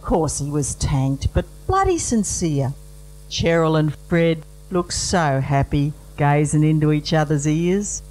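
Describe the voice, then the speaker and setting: A man's voice: fairly high pitch, animated, slow pace, a little mellow, poor audio. A man with an Australian accent reciting comic bush verse with dry, rhythmic storytelling and broad slang. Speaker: bush poet.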